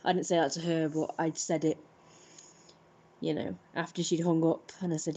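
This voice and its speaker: A woman's voice: low-pitched, little pitch movement, normal speed, dark tone, rough recording. A British woman, exhausted and burnt out, chatting wearily at home during a live stream and swearing casually. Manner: weary, subdued, swears casually.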